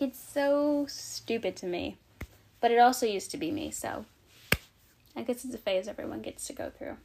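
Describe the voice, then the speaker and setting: A woman's voice: a little high, a little mellow, slight background noise. A young adult woman vlogging casual advice, chatty and frank, out of breath. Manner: chatty, frank, filler-heavy.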